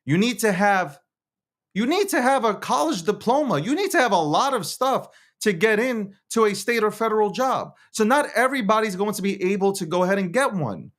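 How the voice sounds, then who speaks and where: A man hosts his own show in a loose, opinionated rant, stumbling over and restarting his words. His voice sits high and swings up and down a lot. He laughs and swears freely as he talks. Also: sing-song, brisk. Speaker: show host. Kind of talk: casual political rant.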